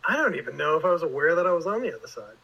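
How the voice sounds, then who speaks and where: A man's voice: fairly high pitch, big pitch swings, very fast, gravelly, bright, forceful tone, husky, poor audio. A man talking as a guest writer in a casual interview, rambling and leaning heavily on filler words.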